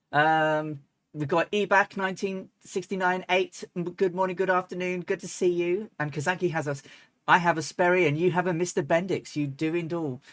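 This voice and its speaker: A woman's voice: on the low side, no echo. A woman streaming a flight simulator, chatting casually and rambling with lots of ums and restarts, now and then breaking into laughs. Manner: bursts into laughs and chants. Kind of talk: casual live-stream chat.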